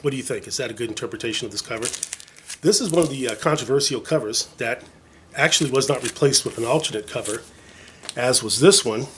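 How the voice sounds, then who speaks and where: A man's voice: mid-range voice, quick pace, noisy background. A man casually showing off his record collection in a vlog, enthusiastic and rambling, full of fillers and jokey asides. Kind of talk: casual show-and-tell vlog.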